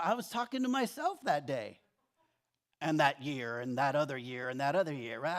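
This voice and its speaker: A middle-aged man preaching a sermon in a church, telling stories conversationally and acting out his own complaints. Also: high voice. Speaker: pastor.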